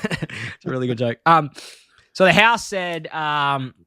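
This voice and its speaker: A man's voice: on the high side, lively intonation, a little slow, pushed and bright, smooth, no room sound, studio quality. A man co-hosting a podcast, recapping a cartoon episode in a rambling, laughing casual chat. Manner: rambling, lots of fillers and laughter. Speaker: podcast co-host.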